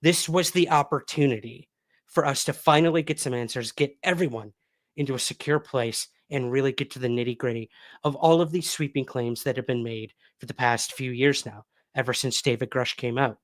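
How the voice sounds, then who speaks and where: Male livestream host, chatty and loose, dry close sound, mid pitch. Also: fairly quick, dry recording. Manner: chatty, reads viewer comments aloud. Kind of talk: casual livestream chat.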